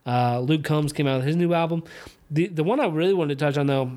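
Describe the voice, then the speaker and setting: A man's voice: on the high side, fast talker, warm tone. A young man hosting his own podcast, chatting casually and rambling with lots of fillers and restarts, now and then slipping into a slight Southern twang. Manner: slips into a slight Southern twang on country music. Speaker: podcast host. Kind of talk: casual solo chat while watching fights.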